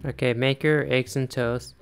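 A man's voice: mid-range voice, fairly even intonation, normal speed, over music. Chatty man narrating a life-sim game. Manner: chatty, laughs often, talks to game characters. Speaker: gaming YouTuber. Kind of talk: casual let's-play commentary.

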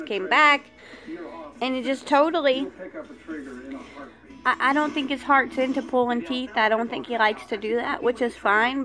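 A young woman vlogs with a fairly high voice, telling her story in a frank, aggravated way. A crowd murmurs clearly behind her. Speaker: vlogger. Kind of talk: personal story vlog.

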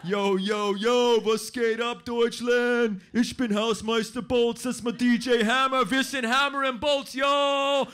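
Brief: a man doing a high, flat-toned swaggering rapper caretaker, boastful hype-man. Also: unhurried, few pauses, clean tone. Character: swaggering male hip-hop caretaker rapper.

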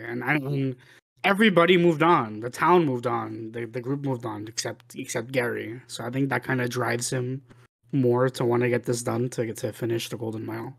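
A man co-hosting a movie podcast, talking loosely and circling back on himself. His pitch sits in a middle register, neither high nor low. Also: fairly even intonation, moderate pace, creaky, breathy edge. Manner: rambling, many restarts and "like". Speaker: podcast co-host. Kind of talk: casual film review chat.

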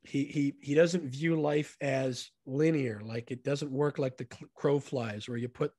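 A man's voice: medium pitch, fairly even intonation, a little slow, warm tone, no room sound, clean studio sound. A man, a guest on a podcast, telling stories in an earnest and enthusiastic way. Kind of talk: casual storytelling conversation.

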